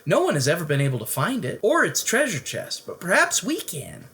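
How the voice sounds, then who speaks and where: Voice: mid-range voice, a little fast, pitched above the performer's own voice. A reader voicing an eager librarian lady. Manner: excited, exclaiming. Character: eager helpful female librarian.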